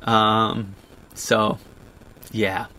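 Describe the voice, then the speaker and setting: Choked up and laughing through tears, a man in his thirties reads viewer comments aloud on his livestream and talks about them, with halting restarts throughout this emotional, casual chat. His pitch is fairly low, his tone sharp, and his delivery flat.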